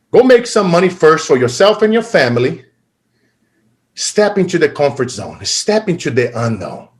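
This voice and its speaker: A man giving a motivational keynote talk, energetic and swinging from loud to quiet and emotional. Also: mid-range voice. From Brazil. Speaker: keynote speaker.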